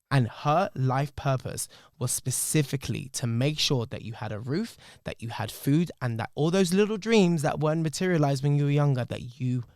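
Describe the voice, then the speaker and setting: A man, speaking on a podcast in an emotional, reflective way. His voice sits at an ordinary middle pitch. It is recorded close and dry, with no room sound at all. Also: no echo. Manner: emotional, reflective, swears freely. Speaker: podcast host. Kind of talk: candid podcast storytelling.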